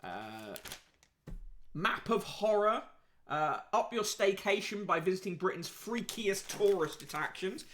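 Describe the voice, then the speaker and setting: Male podcast host, high bright voice, dry sarcastic reader-commentator. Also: animated, measured pace, a little hiss or hum. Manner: wry, sarcastic asides between readings. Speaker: podcast host reviewing print media. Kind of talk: casual read-aloud commentary.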